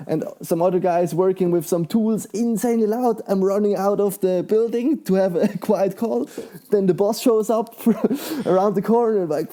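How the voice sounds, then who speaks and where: Excitable young man, mellow voice. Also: high voice, moderate pace. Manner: excitable, laughs often, lots of fillers. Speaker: guest, professional mountain bike rider. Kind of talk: casual conversational interview.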